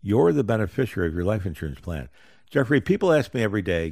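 A man's voice: fairly low pitch, sing-song, fast, creaky, a little mellow, no room sound, studio quality. A middle-aged man hosting a live radio financial talk show, with folksy, upbeat salesman patter.

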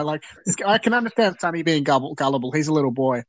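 Wry man, slightly high voice. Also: lively intonation, fast talker, no room sound. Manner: wry, joking. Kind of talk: casual chat.

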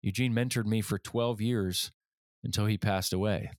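A man's voice: fairly low pitch, steady tone, moderate pace, dry recording, studio quality. A man in his forties hosting a leadership podcast, telling a personal story in an earnest way and getting livelier when he acts out other people. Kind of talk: storytelling monologue.

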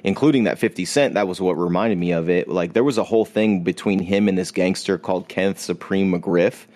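A man's voice: low voice, fairly quick, darkish tone. A man co-hosting a podcast in a laid-back, agreeable way, with easy slang. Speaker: podcast co-host. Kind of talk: casual podcast chat.

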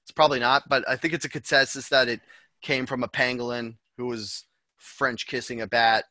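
A man's voice: mid-range voice, little pitch movement, a little fast, pushed and bright, no echo. A man co-hosting a podcast, chatting in a loose, rambling and joking way. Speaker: podcast co-host. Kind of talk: casual chat.

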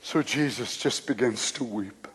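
A man preaching a sermon, swinging from shouts to whispers. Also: medium pitch, unhurried, slight background noise.

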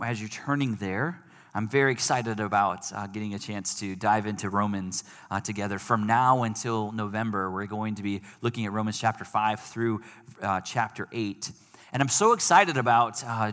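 A man preaching a sermon as pastor, swinging from loud excitement to hushed intensity. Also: medium pitch. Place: church sanctuary. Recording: long hall reverb.

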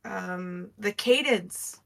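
A woman's voice: mid-range voice, extremely slow, gravelly. A woman co-hosting a podcast, chatting casually about a TV episode, thinking aloud with hedges and the odd swear. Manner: hedging, thoughtful, swearing. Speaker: podcast co-host. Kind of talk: casual chat recapping a TV episode.

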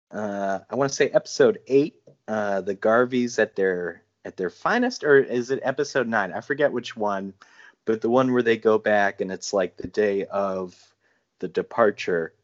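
A man's voice: medium pitch, highs cut off. A man guesting on a podcast in casual chat, gushing and enthusiastic.

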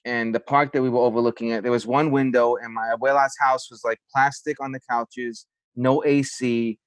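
A man's voice: mid-range voice, flat delivery, moderate pace, no room sound. A man from the South Bronx, speaking reflectively in a casual podcast chat with many fillers. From South Bronx, New York.

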